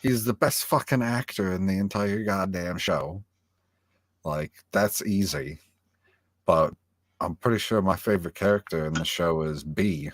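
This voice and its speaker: A man co-hosting an online review show, telling stories in an animated, heavily profane way over a video call. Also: sits low, a little slow, no room sound, clean studio sound. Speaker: podcast co-host. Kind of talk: casual review chat.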